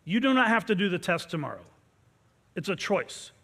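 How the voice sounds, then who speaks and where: A man's voice: high-pitched, sing-song, moderate pace, a bit bright. A man, a martial arts instructor, giving an intense motivational pep talk to his students and leading them in call-and-response chants. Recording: long reverb from a large hall.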